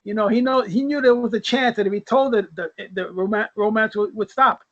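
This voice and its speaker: A man's voice: high voice, a little fast. A man who is a guest on a casual comic book discussion, who laughs often and repeats words as he thinks. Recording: dull lo-fi audio.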